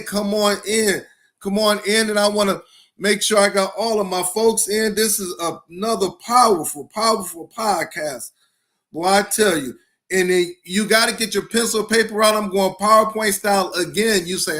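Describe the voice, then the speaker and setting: A middle-aged school principal hosts a live-streamed educational podcast in a high-pitched voice at a moderate pace. Energetic and hyped, he repeats phrases for emphasis and greets each viewer by name.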